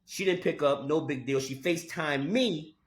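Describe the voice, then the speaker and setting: A man's voice: fairly high pitch, moderate pace. A man co-hosting a podcast in casual chat, telling a story with emphatic "okay?" asides. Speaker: podcast co-host.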